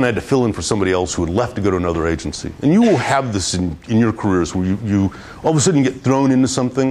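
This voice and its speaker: A man guest-lecturing students on public relations tells an animated anecdote in a classroom, often repeating and restarting his words. His voice is fairly low, with a little hiss or hum in the recording.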